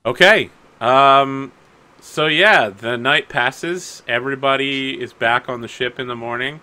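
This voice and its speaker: Guy gm'ing a pirate tabletop game, bright voice, loose and chatty. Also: mid-range voice, measured pace. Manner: casual, rambling with fillers. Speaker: game master.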